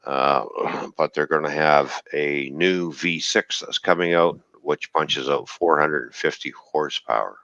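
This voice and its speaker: A man's voice: extremely low pitch, unhurried, vocal fry, hardly any pauses, pushed and bright, no echo, highs cut off. A man chatting casually on a live stream, joking and rambling through car engine details. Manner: rambling, jokey, explains car engine specs. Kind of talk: casual chat.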